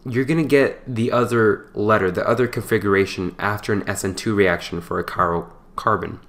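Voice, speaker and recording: A man giving a casual chemistry lesson, explaining step by step in a relaxed, chatty way with playful asides and small stumbles. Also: on the low side. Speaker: chemistry tutor. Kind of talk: casual whiteboard lecture.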